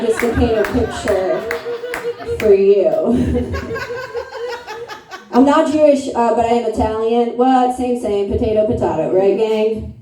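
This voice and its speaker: A woman in her thirties from upstate New York doing a brash, crude, self-mocking stand-up set in a comedy club. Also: on the high side. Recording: echoey room, mic from a distance.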